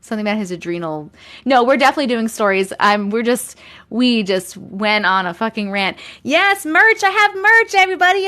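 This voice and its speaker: A woman's voice: sits high, pushed and bright. A woman from Long Island hosting a casual live stream from home, chatting with viewers, thanking them by name and laughing often. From Long Island, USA. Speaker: live-stream host reading chat.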